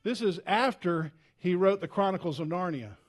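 A male pastor preaching in a church with a fairly high-pitched voice. He talks in an earnest, conversational way, often restarting his sentences. His delivery swings from loud, urgent pleading down to hushed, heavy tones. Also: expressive, moderate pace. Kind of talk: sermon.

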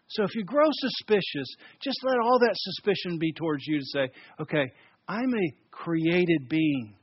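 High-voiced emphatic male pastor. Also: animated, moderate pace, husky, dry recording, lo-fi sound. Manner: emphatic, shifts between loud and soft, repeats words. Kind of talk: sermon.

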